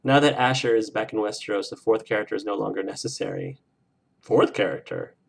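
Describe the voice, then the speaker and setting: A man's voice: on the low side, fairly even intonation, fast, vocal fry. A man hosting a game livestream, chatting casually with viewers in an effusive, emotional way. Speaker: let's play streamer.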